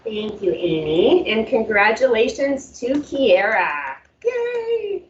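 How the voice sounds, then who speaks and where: A woman host announcing the next presenters at an unhurried pace. She sounds far from the mic in a roomy space, and the recording is dull. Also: medium pitch, animated, a little hiss or hum. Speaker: ceremony host. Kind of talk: formal ceremony hosting.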